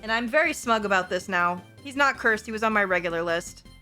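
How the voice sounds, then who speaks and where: Casual woman streamer, bright voice with a lively pitch, swears a lot, quiet music under her. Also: a little fast. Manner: animated, profane, playfully gushing. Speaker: livestreamer. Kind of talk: casual livestream chat.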